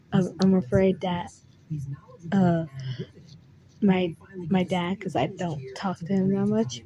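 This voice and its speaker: A woman's voice: mid-range voice, poor audio. A young woman telling a rambling, emotional story about her dreams, full of "like" and restarts. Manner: rambling, heavy use of "like", frequent restarts. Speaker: vlogger. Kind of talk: casual storytelling.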